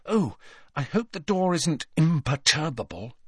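A man's voice: fairly high pitch, sing-song, unhurried, husky, dry recording, clean studio sound, voice pushed up, exaggerated voice. A man reading an audiobook, raising his voice to play an anxious, clever teenage girl who speaks in urgent whispers. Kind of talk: audiobook character voice.

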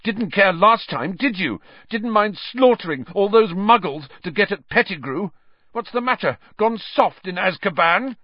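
A man doing a furious young boy wizard, high and shouting. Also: lively intonation, unhurried, no room sound, lo-fi sound. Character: furious thirteen-year-old boy wizard.

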